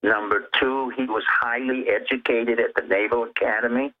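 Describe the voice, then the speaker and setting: Calling in over a tinny phone line, this male guest offers emphatic political commentary, setting out each point in turn with a lecturing tone. His voice is mid-range, with fairly even intonation and a moderate pace.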